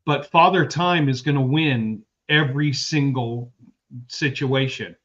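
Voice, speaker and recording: A man's voice: mid-range voice, measured pace, fairly bright tone, lo-fi sound. A man in his fifties co-hosting a sports podcast, rambling through personal anecdotes in casual chat. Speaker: podcast co-host.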